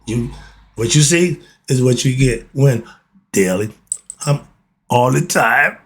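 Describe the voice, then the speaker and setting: A man's voice: medium pitch, slow pace. A man, giving a casual, blunt monologue, often laughing and asking and answering his own questions. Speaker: host of a philosophy talk channel.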